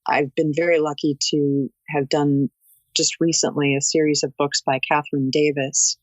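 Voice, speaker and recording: A woman audiobook narrator talking as a guest in an interview, articulate and expressive like a storyteller. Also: low-pitched, normal speed, no echo, lo-fi sound. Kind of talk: interview conversation.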